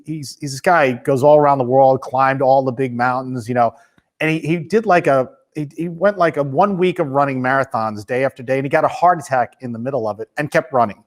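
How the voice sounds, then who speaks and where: A man in his fifties hosting a podcast interview, talking casually and restarting his sentences as he thinks aloud. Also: medium pitch. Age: 50s. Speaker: podcast host.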